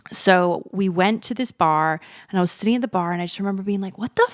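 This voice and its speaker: Speaking fast in a mid-range voice, this woman in her thirties hosts a podcast and shares a personal story candidly and conversationally, poking fun at herself and cursing often. The sound is dry and clean, like a studio.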